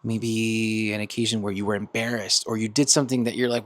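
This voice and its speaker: A man hosting a self-help podcast in a casual monologue, animated and laughing often as he acts out quoted friends. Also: mid-range voice, normal speed, no echo. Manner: laughs often between points. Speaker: podcast host.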